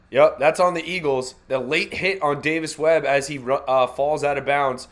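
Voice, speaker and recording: A man's voice: fairly high pitch, fairly even intonation, normal speed, few pauses, fairly bright tone. Slangy man doing fan play-by-play. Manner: casual, slangy, wisecracking, correcting himself mid-sentence. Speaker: host of a live fan reaction stream. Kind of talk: live play-by-play fan reaction commentary.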